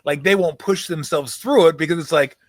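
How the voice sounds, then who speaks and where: A middle-aged male host muses in a relaxed backyard chat, laughing easily. His voice sits a little high, and the sound is dry and close. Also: a little fast, no echo. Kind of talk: casual chat. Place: backyard outdoors.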